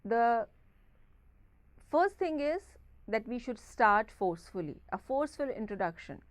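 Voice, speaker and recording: A woman with an Indian English accent delivers a recorded classroom lecture in a fairly high voice. She explains patiently, often pausing on "okay" and "uh". The sound is close and dry, with almost no room echo. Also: very animated. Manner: explanatory, frequent "okay" and "uh" fillers.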